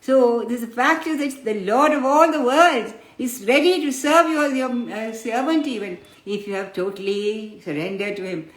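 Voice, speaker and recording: A woman's voice: on the high side, moderate pace, hardly any pauses. Woman teaching spiritual lessons, roomy echo. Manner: addresses listeners fondly as children, explains patiently. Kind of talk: spiritual discourse with storytelling.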